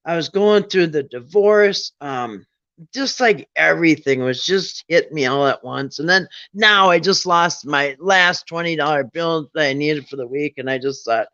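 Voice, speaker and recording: On a late-night chat, a middle-aged storyteller recounts something from his own life, drifting loosely, frequently starting over and voicing what he was thinking at the time. His pitch leans high, his tone is fairly bright, and he takes his time. The audio is dry, dull and lo-fi.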